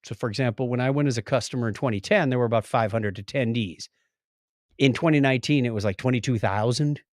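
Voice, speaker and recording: A middle-aged man co-hosting a casual podcast, jokey and animated, with sudden loud exclamations. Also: mid-range voice, quick pace, no echo, studio quality. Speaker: podcast co-host. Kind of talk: casual chat.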